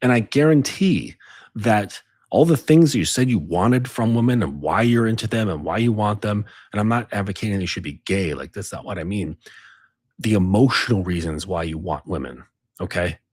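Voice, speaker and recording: A man's voice: lowish voice, expressive, moderate pace, a little mellow, breathy edge, no room sound, studio quality. A man giving dating advice in a casual monologue, insistently tagging lines with questions. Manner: insistent, repeats tag questions. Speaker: dating coach.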